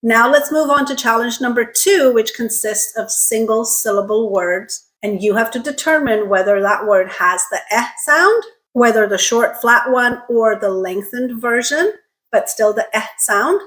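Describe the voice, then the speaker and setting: Slowly drilling sounds and asking "okay?" to check understanding, this online pronunciation teacher enunciates with care. Her voice sits on the high side and is a bit bright.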